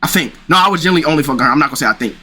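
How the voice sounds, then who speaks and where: A man's voice: on the high side, animated, racing, bright, forceful tone, husky. A young man casually telling a rambling personal story, full of slang and restarts. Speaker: streamer.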